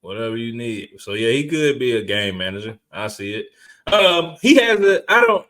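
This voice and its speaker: A man's voice: mid-range voice, very animated, normal speed, fairly bright tone. A man co-hosting a sports podcast, talking casual, profane, slangy trash talk. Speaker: podcast co-host.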